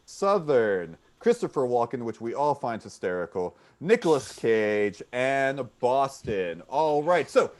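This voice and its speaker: A man's voice: medium pitch, very animated, unhurried, hardly any pauses. A man hosting an online improv comedy game, upbeat, repeating the audience suggestions back and calling out the rules over a video call. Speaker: referee and host of an improv show.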